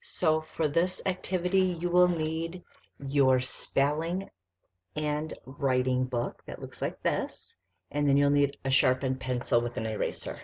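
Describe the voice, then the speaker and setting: A woman teacher giving a recorded spelling lesson to young students, dictating slowly and sounding out letters one at a time. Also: deep voice, darkish tone, a little hiss or hum.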